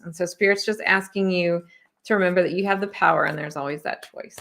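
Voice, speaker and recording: A woman talking viewers through an oracle card reading in a relaxed, conversational way. Her delivery is friendly and reassuring, loose and chatty, with plenty of "you know" and "like." She sounds like a spiritual teacher speaking straight to her audience. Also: lowish voice, fast, gravelly.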